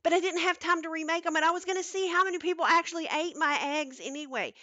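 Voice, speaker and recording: A woman doing her high, teasing prankster mom. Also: quick pace, bright, forceful tone, no room sound, dull audio. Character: prankster mother laughing off salty eggs.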